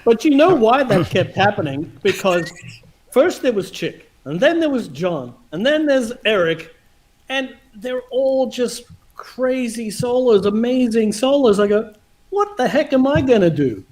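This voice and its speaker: A man's voice: very high voice, a little slow. A man hosting a livestream over a video call, telling stories casually with lots of laughter and acted-out quotes. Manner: animated, laughing, acts out quotes. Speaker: host.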